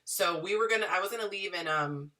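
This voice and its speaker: A woman in her thirties telling her story to viewers in a chatty, animated way. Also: on the low side, quick pace, recorded from a distance. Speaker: dating and relationship advice vlogger.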